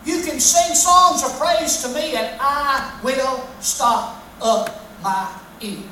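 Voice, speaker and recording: A woman's voice: sits high, slow, pushed and bright, slight background noise, heavily acted. A woman voicing a displeased God who sternly scolds his people. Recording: echoey hall from far off.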